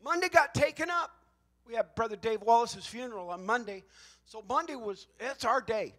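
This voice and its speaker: A male pastor delivering a Pentecostal sermon in a conversational, folksy way, joking with the congregation and swinging between hushed asides and loud, emphatic shouts. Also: extremely high pitch, animated, normal speed.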